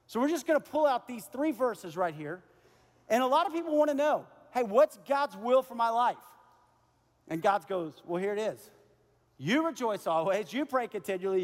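A man preaching to his church in a bright, high voice, chatty and animated. He breaks into acted-out exchanges to make his points. The sound carries the long reverb of a big church hall. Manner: energetic, conversational preaching with acted-out dialogue. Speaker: pastor. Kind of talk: sermon. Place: church auditorium.

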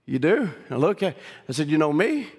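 This is a middle-aged Louisiana man with a Southern accent delivering a folksy, story-driven sermon that keeps restarting and rises into shouted climaxes. Slightly high and fairly quick, his slightly rough voice swings widely in pitch, heard in a large hall.

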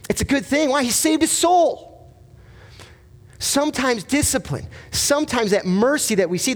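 Male pastor, high voice, earnest emphatic sermon delivery, rhetorical questions.

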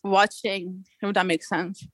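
A woman's voice: mid-range voice, slow, no echo, poor audio. A young woman from Belgium telling a surfing story in casual talk, laughing often and acting out what people said. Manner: animated, laughs often, acts out quotes. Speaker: guest surfer.

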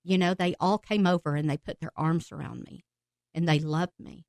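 A woman guest on a podcast telling her personal faith testimony with emotion, laughing and breaking into excited outbursts as she tells it. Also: deep voice, normal speed, gravelly, dry recording.

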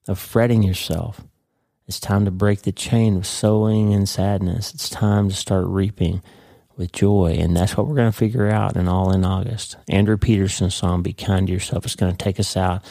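A man hosting a devotional podcast, teaching earnestly and slowing down to stress key words. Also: lowish voice, dark tone, dry recording, clean studio sound. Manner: earnest, emphatic, slows down for dramatic stress.

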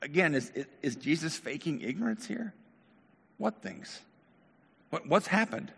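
A male pastor delivers a sermon, often raising questions and pressing his points. His voice has a gravelly grain. A long reverb fills the hall around him. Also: on the high side, unhurried. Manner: animated, questioning.

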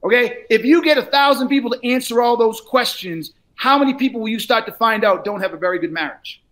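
A man coaching a salesperson in a live role-play, blunt and profane, lecturing and often raising his voice. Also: fairly quick. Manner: often shouts, then drops low.

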